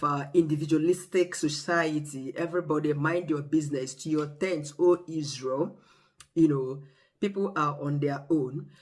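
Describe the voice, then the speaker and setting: A vlogger with a Nigerian accent talking casually to camera, telling stories in a lively, expressive way. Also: mid-range voice. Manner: expressive, animated storyteller.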